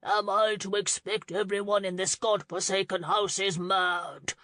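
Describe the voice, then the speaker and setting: A man's voice: high voice, level tone, measured pace, dry recording. A woman voicing a corpulent, greedy uncle who bellows and blusters in an audiobook scene. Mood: blustering. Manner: loud, bellowing and defensive. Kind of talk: audiobook character reading.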